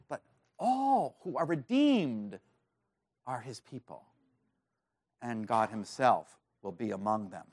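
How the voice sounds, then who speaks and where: A man's voice: lowish voice, dry recording, studio quality. Man preaching an earnest sermon. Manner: earnest, building to excited emphasis. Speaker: pastor.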